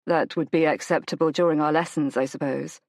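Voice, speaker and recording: A woman voicing a reclusive male duke who speaks in a quiet, clipped, formal way. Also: low voice, fairly even intonation, fairly quick, no echo, clean studio sound, pitched below the performer's own voice. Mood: reserved.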